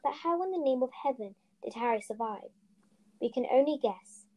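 A woman's voice: high voice, expressive, moderate pace, highs cut off. A woman reading a storybook aloud, voicing a distraught, stern elderly female witch professor with urgent, emphatic delivery. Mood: upset. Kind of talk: storybook reading with character voices.

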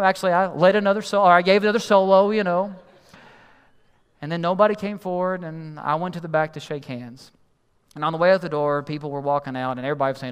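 A man doing storytelling stand-up, animated and exasperated as he acts out the people in the story. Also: sits high, quick pace, smooth, big-room sound.

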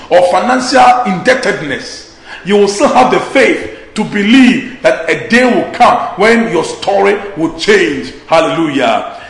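A male preacher delivers an exhorting sermon in a high, gravelly voice. He slows to a deliberate drawl whenever he reads scripture. The sound carries the echo of a roomy space.

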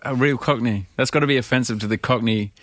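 A man trades blunt, sardonic, profane remarks in a casual podcast chat. His voice is mid-pitched and plain. The recording is dry and close. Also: fast talker, a bit bright, dry recording. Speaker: podcast co-host.

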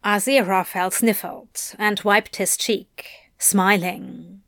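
A woman reading fan fiction aloud in a measured, expressive way. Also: mid-range voice, no echo, studio quality.

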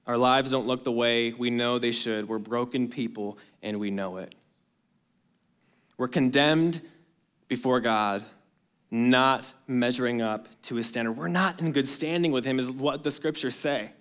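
A man preaching a sermon to his congregation, speaking earnestly and directly to them, rising to emphatic bursts and then dropping soft and low. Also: a little slow, smooth. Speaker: pastor.

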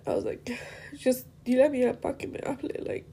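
A young woman hosting a podcast gives a rambling, emotional monologue about her father, tearful at times and slipping between English and Spanish. Her high voice is mellow with a breathy edge, quick-paced and fairly even in intonation.

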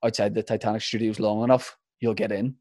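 A man's voice: fairly low pitch, flat delivery, quick pace, darkish tone, dry recording. Dry-voiced, chatty Northern Irish man. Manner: rambling, chatty, loose with fillers and restarts. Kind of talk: casual interview chat.

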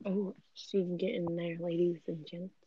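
A woman's voice: fairly low pitch, flat delivery, unhurried, slight background noise. A woman co-hosting a podcast, chiming in with teasing quips in casual chat. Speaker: podcast co-host. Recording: dull lo-fi podcast audio.

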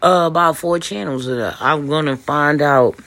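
A man's voice: on the high side, moderate pace, pushed and bright. Rambling, boastful man with hiccups. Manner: loose, boastful, profane, many fillers and restarts. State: hiccuping, clearing throat. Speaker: podcast host. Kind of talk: rambling casual monologue. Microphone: voice message recording.

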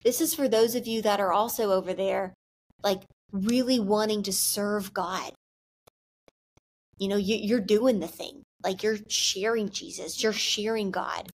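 A woman's voice: mid-range voice, steady tone, unhurried. A young woman talking candidly to camera about her faith, earnest and loose, full of "like" and restarts. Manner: earnest, candid, filler-heavy with frequent "like". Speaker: Christian vlogger. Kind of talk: heartfelt faith talk to camera.

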